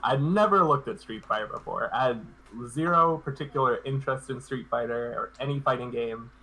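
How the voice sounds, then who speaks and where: A man's voice: medium pitch, fairly quick, bright, forceful tone, low-quality recording. A man being interviewed as a guest on a live stream, talking in a laid-back, hesitant way and often restarting his sentences.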